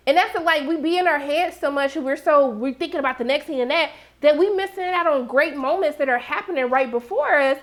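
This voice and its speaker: Sassy lady w a high voice recapping a tv episode, AAVE slang, hypes up her viewers. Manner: animated, sassy, talks straight to viewers with slang. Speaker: TV recap host.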